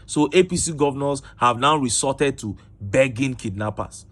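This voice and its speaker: A man's voice: medium pitch, moderate pace, fairly bright tone. A man with a Nigerian accent reading news reports and online reactions aloud, breaking in with indignant rhetorical commentary. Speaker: political commentator.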